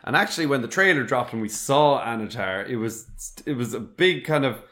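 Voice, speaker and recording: A man co-hosts a casual podcast recap, sounding like an eager fan. His voice sits at an ordinary mid-range pitch, and he throws in quick jokes while talking the episode through. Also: lively intonation, a bit bright. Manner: enthusiastic, jokey fan commentary. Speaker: podcast co-host.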